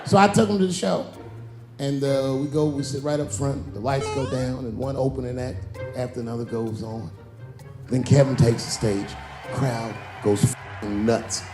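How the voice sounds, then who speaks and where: A man's voice: medium pitch, normal speed, echoey room, music in the background. A man telling a long, profane stand-up story, acting out the people in it. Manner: profane, animated, acts out characters. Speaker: stand-up comedian.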